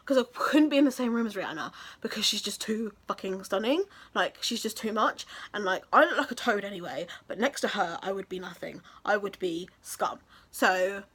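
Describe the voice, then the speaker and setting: A woman's voice: medium pitch, a bit bright, breathy edge. A young woman from England, telling a story in a casual vlog, chatty and gushing with many fillers. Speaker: vlogger.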